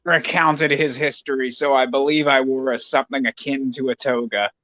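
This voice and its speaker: A man's voice: medium pitch, steady tone, moderate pace, pushed and bright, poor audio. A man chatting casually as a podcast guest, rambling through digressions with wry asides. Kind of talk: casual chat.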